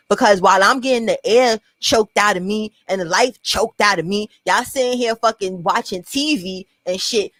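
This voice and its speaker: A woman's voice: on the high side, fairly bright tone, no room sound, rough recording. Blunt profane New York woman vlogger. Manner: blunt, profane, addresses viewers directly. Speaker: vlogger telling a personal story. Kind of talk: casual storytime to camera.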